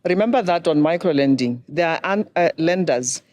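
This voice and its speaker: Woman, middle-aged, measured, instructive, finance expert. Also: sits low, expressive, a little mellow. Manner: measured, instructive, poses questions to listeners. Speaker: banking and microfinance expert guest. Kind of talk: explanatory advice talk.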